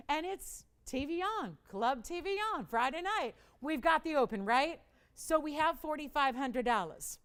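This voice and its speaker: A woman's voice: high-pitched, animated, a little slow, a bit bright. A woman hosting a live television jewelry auction, chatty and self-mocking, with dramatic pleas for bids and frequent laughs. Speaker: live shopping host.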